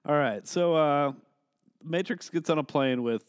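A man's voice: fairly high pitch, unhurried, clean tone, no echo. Rambling, profane male podcast host. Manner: rambling, profane, laughs often. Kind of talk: casual movie review chat.

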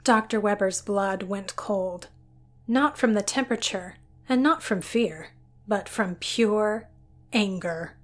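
A woman narrating a scripted story in an even, descriptive way. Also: mid-range voice, takes it slowly.

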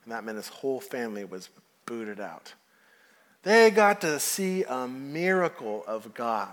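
A man preaching a sermon in a conversational, animated storytelling style. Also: mid-range voice, unhurried. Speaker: pastor. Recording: long hall reverb.

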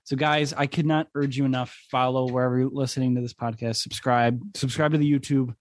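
This young Buffalo-area New Yorker hosts a podcast, chatting casually and rambling with plenty of profanity and "like" fillers. His mid-range voice is fairly quick with little pitch movement, and there's no echo.

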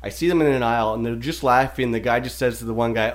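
A man's voice: medium pitch, fast talker. Man telling a story. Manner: storytelling, acting out overheard people. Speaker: podcast co-host. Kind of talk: casual chat.

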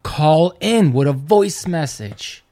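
A man's voice: fairly high pitch, lively intonation, slow, dark tone. A man co-hosting a podcast, trading playful jokes in casual chat. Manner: joking, playful banter. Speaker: podcast co-host.

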